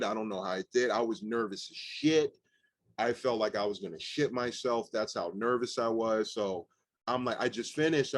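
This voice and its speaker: Young male rapper guest, animated and profane, lots of fillers, dry close mic. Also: medium pitch, dry recording. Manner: animated, swearing, many "like" fillers. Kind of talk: casual storytelling interview.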